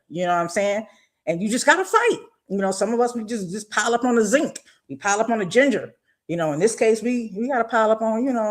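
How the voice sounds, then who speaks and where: A middle-aged woman hosts a live podcast. She talks straight at her listeners in a loose, slangy monologue, impassioned and direct, at a medium pitch. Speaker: podcast host. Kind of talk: casual live-stream monologue.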